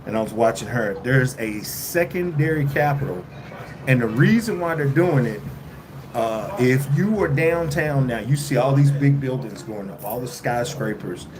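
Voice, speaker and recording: A man livestreaming casually from his phone while traveling, rambling and halting with many fillers and restarts. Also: medium pitch, animated, crowd noise, rough recording. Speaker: vlogger livestreaming. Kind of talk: casual live-stream chat. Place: indoors at a lodging while traveling. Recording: loud background noise.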